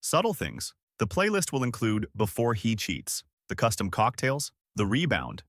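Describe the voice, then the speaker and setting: Lively male story narrator, dry sound. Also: medium pitch, moderate pace, no echo. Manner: dramatic first-person storytelling with dialogue read in place.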